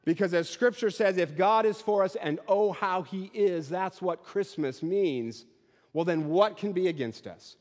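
A man's voice: high voice, lively intonation, a little slow, a little mellow. Man preaching in an echoing hall. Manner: preaching with rhythmic, rising repetition. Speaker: pastor. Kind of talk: sermon. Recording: long hall reverb.

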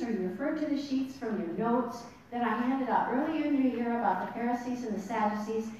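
A woman teaching a Bible study class, animated and asking her listeners questions. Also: lo-fi sound. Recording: distant mic in an echoey room with rumble.

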